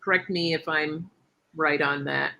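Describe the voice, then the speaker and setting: A woman's voice: low-pitched, fairly even intonation, measured pace, creaky, pushed and bright. A middle-aged woman hosting a casual live-stream chat, affirming her guest and reading viewer comments aloud. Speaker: host.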